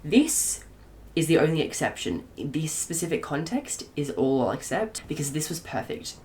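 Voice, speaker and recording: A woman with a low voice talks through a book she loves in a casual spoiler rant to camera. She gushes, trips over her own words and starts sentences again as her excitement runs ahead of her. A faint hiss sits under her voice. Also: a little fast. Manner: gushing and excitable, with many restarts. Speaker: book reviewer.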